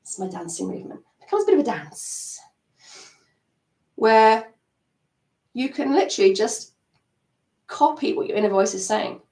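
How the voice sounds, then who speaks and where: A woman coaching an EFT tapping session on a live stream, animated and acting out her inner self-talk. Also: fairly high pitch, normal speed, pauses often. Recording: roomy sound, mic at a distance.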